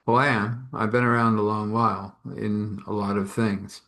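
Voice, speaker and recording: A very old, reclusive woman, as a male storyteller puts her on, speaking slowly and softly in a lowish voice. She is ceremonial and curt, answering with plain, matter-of-fact words in this spoken story. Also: little pitch movement. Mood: calm.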